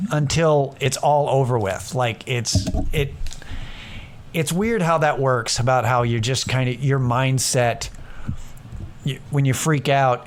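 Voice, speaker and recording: A young man hosting a casual solo podcast, rambling and self-deprecating, swearing freely and acting out what others said. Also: medium pitch. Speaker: podcast host.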